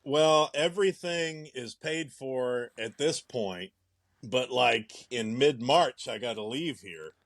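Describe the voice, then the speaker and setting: A young American man chatting on a podcast, his talk rambling and full of restarts. His voice sits at a middle pitch. It is recorded dry and close, with no room sound. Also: fairly bright tone, no room sound. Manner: rambling, halting, laughs often. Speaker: podcast co-host. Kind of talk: casual chat.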